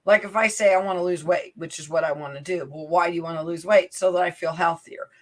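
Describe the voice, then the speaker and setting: A woman in her fifties co-hosting a casual chat, playful and teasing, with quick asides. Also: lowish voice, steady tone. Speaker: podcast co-host and life coach.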